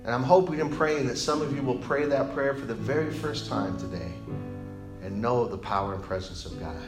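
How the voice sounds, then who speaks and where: A male pastor delivers a sermon in a mid-pitched voice. He swings between loud, emphatic peaks and a hushed, slow invitation, often asking his listeners direct questions. The sound is roomy and echoing, with faint instrumental music behind him. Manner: asks the congregation directly. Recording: roomy, echoey hall sound.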